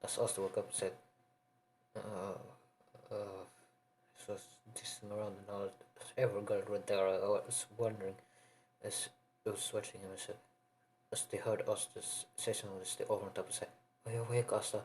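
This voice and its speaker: A man narrating an improvised fan story in a rambling, halting way, often restarting his sentences. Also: fairly low pitch, monotone, a little mellow, slight background noise, low-quality recording.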